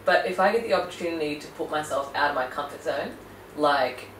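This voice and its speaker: Podcast co-host, rapid and filler-heavy; distant, echoey backup-mic sound. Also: a bit bright, slight background noise. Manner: fast, filler-heavy, says "like" often. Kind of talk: casual chat. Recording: roomy, distant low-quality backup mic.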